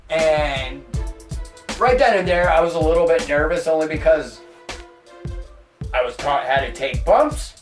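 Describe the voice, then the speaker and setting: A man's voice: on the high side, a little slow, distant mic, soft background music. Profane man telling a story, roomy sound. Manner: profane, rambling, animated anecdote telling. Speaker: podcast host. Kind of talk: casual storytelling.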